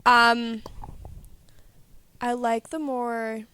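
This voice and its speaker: A woman's voice: on the high side, level tone, extremely slow, sharp tone, clear, resonant tone, dry recording. A young woman from Canada, a podcast guest telling stories in casual chat, full of "like" fillers and swearing. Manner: chatty, swearing, lots of "like" fillers.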